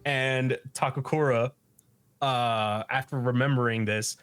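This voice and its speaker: Podcast host, man, unhurried, casual and profane, mid pitch. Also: fairly even intonation, a bit bright, clean tone. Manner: loose, profane, laughs often. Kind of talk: casual episode recap.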